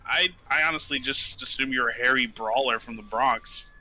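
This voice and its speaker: A man's voice: medium pitch, normal speed, noisy background. A man playing a tabletop game, casually explaining how things work to the table. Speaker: player.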